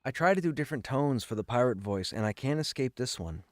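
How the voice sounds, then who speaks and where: A man's voice: medium pitch, lively intonation, fast talker, no room sound, clean studio sound. A man live-streaming a game, chatting casually and joking with his viewers. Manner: chatty, joking, self-deprecating. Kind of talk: casual live-stream chat while gaming.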